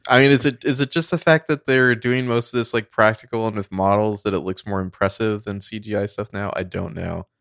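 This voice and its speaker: A man's voice: on the low side, steady tone, brisk, gravelly, hardly any pauses, a bit bright, dry recording, clean studio sound. A man co-hosting a casual movie podcast, rambling with lots of fillers and swearing. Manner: rambling, filler-heavy, profane. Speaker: podcast co-host.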